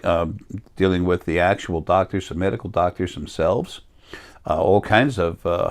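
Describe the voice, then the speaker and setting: A man with a low, deep voice speaking as a spiritual teacher. He meanders from point to point, restarts his sentences and corrects himself as he goes. His delivery is earnest and unscripted. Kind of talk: rambling spiritual monologue.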